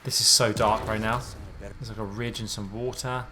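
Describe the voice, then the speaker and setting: A man giving let's play commentary on a game, excitable and jumpy, thinking aloud in casual slang. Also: fairly low pitch, normal speed. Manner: casual slangy talk, says mate and dude. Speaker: gaming YouTuber.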